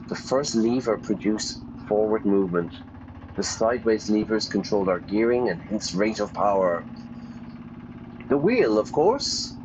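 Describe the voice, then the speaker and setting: Low-voiced man reading a game aloud. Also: background noise. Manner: playful, pauses to gloss vocabulary and self-correct. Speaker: English teacher streaming a game. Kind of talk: reading game text aloud and explaining words.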